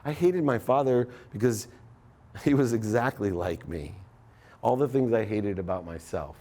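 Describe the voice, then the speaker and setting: A man's voice: lowish voice, lively intonation, normal speed, warm tone. A middle-aged man giving a live motivational talk, storytelling and acting out the voices in his story. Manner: storytelling, acts out quoted dialogue. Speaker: motivational speaker.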